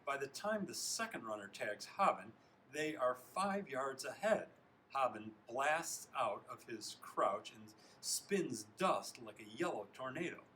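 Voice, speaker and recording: A man reading a children's novel aloud, expressive, stopping now and then to comment on the text and correct himself. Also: mid-range voice, unhurried, a little hiss or hum, low-quality recording. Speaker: reader.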